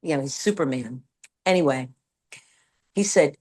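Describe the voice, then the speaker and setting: Older woman telling a story, lower-pitched. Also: unhurried. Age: 70s. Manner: lively, acts out quoted dialogue with big pitch swings. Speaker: guest, former Broadway performer. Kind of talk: anecdotal storytelling.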